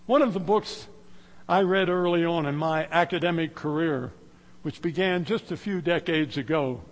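A middle-aged man preaching a sermon, swinging between loud exclamations and hushed, slow lines. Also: on the high side, long reverb tail.

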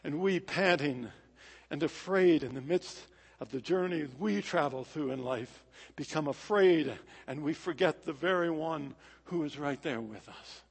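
A high-pitched male preacher delivers a sermon with dramatic, rhythmic phrasing, rising to loud and falling to hushed. His voice carries a long reverb, as if filling a large hall. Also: measured pace, slightly rough. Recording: echoey hall.

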